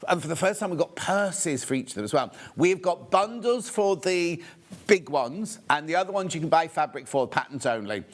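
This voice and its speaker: A man from the West Midlands of England hosting a live shopping show from a TV studio, talking in a chatty, rambling way with hurried asides. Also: a little high, lively intonation. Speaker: shopping channel host.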